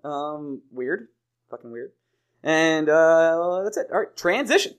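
A man hosting a sports podcast with a fairly high voice for a man, easygoing and quick to laugh. He keeps things loose and chatty with his co-host. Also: clear, resonant tone. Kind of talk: casual sports chat.

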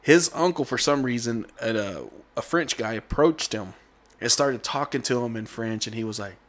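A man's voice: mid-range voice, normal speed. A man, chatting on a podcast and telling stories animatedly, laughing at his own jokes. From Texas. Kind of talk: casual chat.

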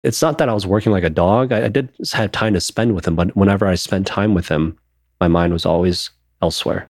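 A man's voice: low voice, a little fast, a little mellow, no echo, studio quality. A man in his thirties, co-hosting a podcast, talking openly and emotionally in casual chat and swearing now and then. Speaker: podcast co-host.

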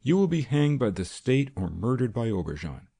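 A man voicing a calm, stern vigilante who speaks quietly and with total confidence. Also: mid-range voice, normal speed, gravelly, slightly rough, pitched above the performer's own voice, exaggerated voice.

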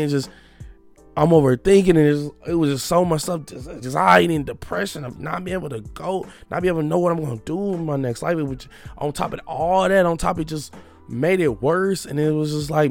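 A young man making a personal confession in a halting, reflective way, often restarting his sentences. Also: fairly high pitch, vocal fry, faint music behind.

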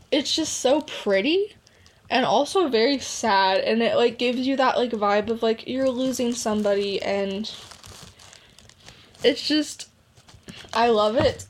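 A woman's voice: fairly high pitch, slight background noise. A young woman casually chatting about songs she loves, gushing and emotional, with lots of "like". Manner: gushing, emotional, heavy use of "like". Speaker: podcast host. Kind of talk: casual music review chat.

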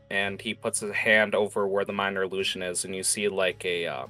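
A man running a tabletop game as game master, relaxed and quick to laugh. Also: low-pitched, faint music behind.

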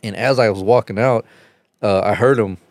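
A man chatting casually on a podcast, telling a rambling, profane story and getting animated as he retells it. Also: fairly low pitch, moderate pace, no room sound.

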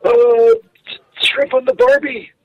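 Man putting on a high creaky Saint Patrick. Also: sing-song, exaggerated voice. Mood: rambling. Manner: rambling, halting, slurred non sequiturs. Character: rambling tipsy Saint Patrick, grown man. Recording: lo-fi voicemail.

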